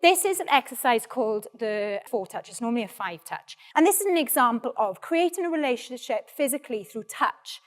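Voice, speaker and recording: Welsh woman drama coach, bright and encouraging, slightly high voice, demonstrating exercises to a group. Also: lively intonation, brisk, few pauses. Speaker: actor leading a drama workshop. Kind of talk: practical teaching, giving instructions.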